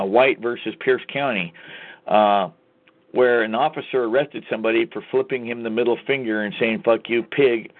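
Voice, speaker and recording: A man hosts his own show in an angry, profane, hammering rant aimed straight at his listeners. His voice sits in an ordinary middle pitch. The sound is thin and tinny, like a phone line. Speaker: host. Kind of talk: ranting call-to-action monologue.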